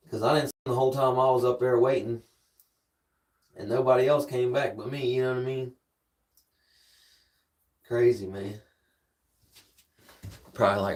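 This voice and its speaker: Laid-back male streamer telling a story off the cuff, profane and rambling, average pitch. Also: steady tone, normal speed, long pauses, a little mellow. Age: adult with a daughter. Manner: rambling, profane, peppers speech with "man". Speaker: livestream host. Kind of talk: casual storytelling.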